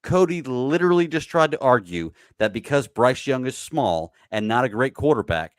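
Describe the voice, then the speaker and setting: A man's voice: medium pitch, very animated, moderate pace, dry recording, studio quality. A man co-hosting a sports podcast, bluntly ranting in casual chat. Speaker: podcast co-host.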